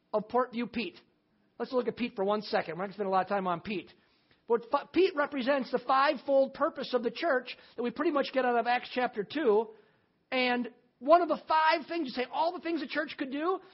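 Middle-aged preacher, man, talky and emphatic with homespun jokes; muffled, lo-fi church recording. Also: very high voice. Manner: conversational, emphatic preaching with folksy humor. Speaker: pastor. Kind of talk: sermon. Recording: slightly dull lo-fi sermon recording.

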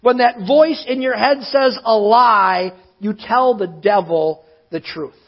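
A pastor preaching a sermon, emphatic, often slowing down to stress his words. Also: sits high, highs cut off.

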